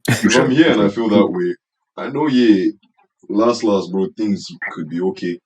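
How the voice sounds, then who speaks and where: A man's voice: fairly low pitch, unhurried, darkish tone, slight background noise, poor audio. A young man from Nigeria with a Nigerian accent, chatting casually on a podcast and leaning on "bro" and "I swear.". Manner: slangy, repeats "bro" and "I swear". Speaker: podcast co-host. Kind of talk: casual chat. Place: Canada, recorded on a call.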